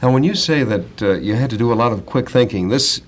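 A man hosting a radio interview in a steady, measured announcer's voice. The sound comes from an old broadcast tape recording. He moves between formal introductions and relaxed questions. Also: medium pitch. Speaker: radio host.

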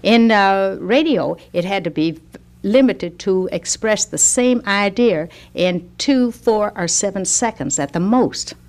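A woman's voice: mid-range voice, expressive, unhurried. Older Southern woman reminiscing. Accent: Southern American. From American South. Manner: gentle storytelling with dry wit. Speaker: guest organist. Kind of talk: radio interview.

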